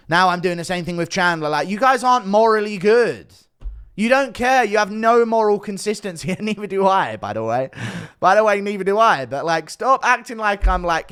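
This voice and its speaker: Male online commentator, slightly high voice, casual defensive rant, curses freely. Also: a bit bright, smooth. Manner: defensive, sarcastic, swears a lot.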